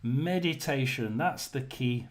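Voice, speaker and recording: A man hosting a casual live chat, rambling and hesitant, often clearing his throat and telling jokes to his viewers. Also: medium pitch, takes it slowly. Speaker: host of a live tarot chat stream.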